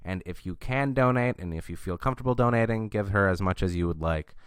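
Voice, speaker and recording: A man's voice: fairly low pitch, quick pace, clear, resonant tone, no echo, clean studio sound. A young man co-hosting a casual podcast, joking and plugging the show. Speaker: podcast co-host.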